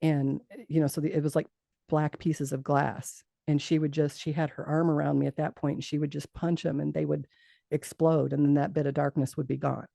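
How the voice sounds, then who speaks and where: A middle-aged woman telling a personal story in an interview, lively and acting out what others said, with frequent laughs. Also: low voice, brisk, creaky, no room sound. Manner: animated storytelling, acts out quoted voices, laughs often. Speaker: guest.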